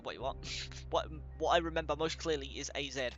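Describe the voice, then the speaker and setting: A man's voice: on the high side, fairly quick, fairly bright tone, dull audio, faint music behind. A young man giving casual commentary while reading game text aloud, swearing now and then and stumbling over hard names. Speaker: let's play gamer.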